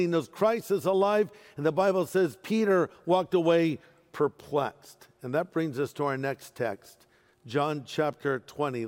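A fairly high-voiced man delivers a sermon as a pastor, lively and playful, tossing in humorous asides. His voice carries a long reverb, as if recorded in a large church hall.

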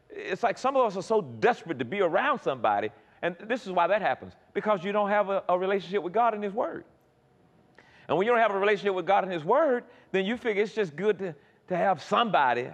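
A man preaching a sermon, lively and emphatic, often repeating words and acting out quoted conversations. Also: high voice, highs cut off. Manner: animated, repeats words, acts out quoted dialogue. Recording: long reverb in a large hall.

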